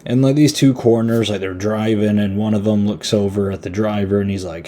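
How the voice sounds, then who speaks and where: A man's voice: fairly low pitch, fairly even intonation, brisk, hardly any pauses, dark tone, slight background noise. A man hosting a podcast, giving a casual, rambling horror movie review in a laid-back, chatty way. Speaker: podcast host.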